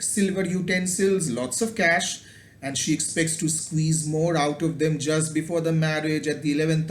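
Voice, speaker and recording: A man with a fairly high voice gives a thoughtful video lecture, pausing on ums and repeating words as he works out his thoughts. The room adds a noticeable echo around him. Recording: roomy echo.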